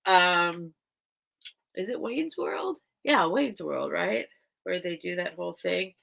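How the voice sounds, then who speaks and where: A rough recording captures a woman's lowish, creaky, fairly bright voice, animated but slow. Hosting a live vintage sale stream, she talks casually and emotionally with her viewers through tears. She rambles emotionally, speaks straight to the audience, and is teary.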